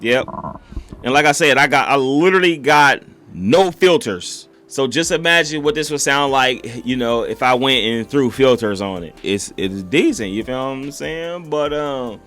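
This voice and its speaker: A man's voice: mid-range voice, normal speed, fairly bright tone, faint music behind. Laid-back streamer guy, slangy. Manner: laid-back slangy, talks straight to viewers. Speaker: streamer reviewing gear. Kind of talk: casual product review. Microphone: studio XLR mic on the desk.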